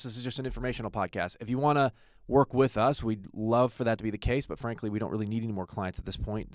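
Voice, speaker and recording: American male host, casual and self-mocking, mid-pitched voice, dry close sound. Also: no room sound. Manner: self-deprecating, joking, rambling with fillers. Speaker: podcast host, attorney. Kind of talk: casual podcast introduction.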